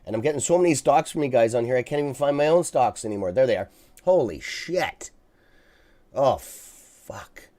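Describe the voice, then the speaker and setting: A man hosts a live stock market stream, talking to viewers casually and bluntly, swearing freely and asking "okay?" as he rambles and restarts. His medium-pitched, mellow voice is animated and very fast, with few pauses.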